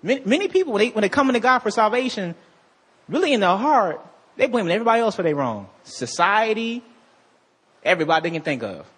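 Male pastor, preaching style, husky and high-pitched, animated delivery with slow scripture reading and call-and-response with the crowd. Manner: calls out to the congregation for responses. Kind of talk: sermon.

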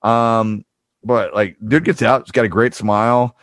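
A man co-hosting a podcast, chatting casually about a TV show, often pausing with ums and uhs. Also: medium pitch, steady tone, fairly bright tone, no echo. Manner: halting, with frequent ums and uhs. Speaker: podcast co-host. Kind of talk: casual chat, recapping a TV show.

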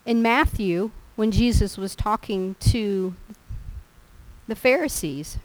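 A woman's voice: mid-range voice, slow pace, poor audio. Folksy woman preaching a sermon. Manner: folksy, animated storytelling. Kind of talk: sermon with personal stories.

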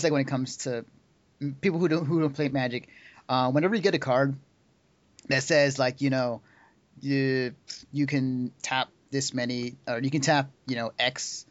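A man's voice: mid-range voice, normal speed, no echo. A young man hosting a casual podcast chat, talking with lots of fillers and easy laughs. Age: young adult. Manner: chatty, many fillers and laughs. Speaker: podcast host. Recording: dull lo-fi audio.

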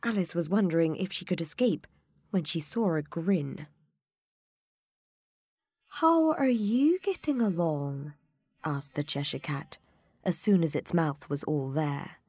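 A woman narrating a children's storybook in an expressive, measured way. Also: deep voice, breathy edge, no echo.

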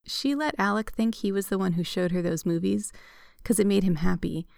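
A woman narrating a piece of fan fiction aloud with steady, even delivery. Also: mid-range voice, moderate pace, gravelly, no echo, clean studio sound.

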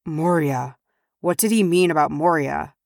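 A woman's voice: low-pitched, a little slow, gravelly, no echo, studio quality. A woman voicing a puzzled male dwarf who mutters.

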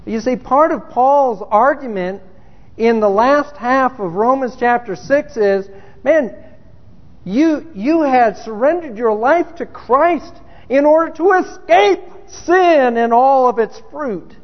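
In a church sanctuary, a man with an extremely high-pitched voice preaches slowly, keeping the sermon loose and conversational with restarts and rhetorical questions. The lo-fi recording sounds dull and carries a long hall reverb.

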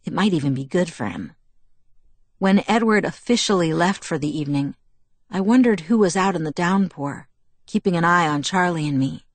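A woman reading a novel aloud in first person, with steady, measured storytelling. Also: fairly low pitch, no echo. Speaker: audiobook narrator.

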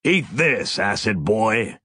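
A man's voice: on the low side, big pitch swings, slow pace, sharp tone, slightly rough, no echo, heavily acted. A man voicing a brash, hotheaded crewman who talks with cocky swagger and taunts. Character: brash, hotheaded male crewman, gun-happy.

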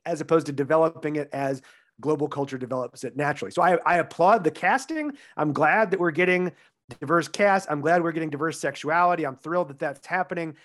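A man co-hosts a casual film review podcast, talking in a measured, explanatory way. His voice sits a little high for a man. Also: fairly bright tone. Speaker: podcast co-host.

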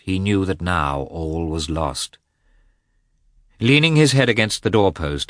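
A man giving a slow, expressive scripted reading of a novel as an audiobook narrator. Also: low-pitched, dry recording, clean studio sound.

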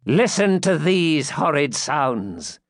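Brief: vengeful old crone, man reading the part, slow deliberate delivery, lively pitch, close dry sound. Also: dry recording, heavily acted. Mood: mocking. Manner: slow, grim, mocking and solemn. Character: vengeful old woman, a gloating hag. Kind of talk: audiobook character reading.

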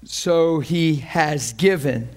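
A man preaching a sermon, animated and emotional, acting out scripture scenes and breaking into laughter. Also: on the high side, extremely slow.

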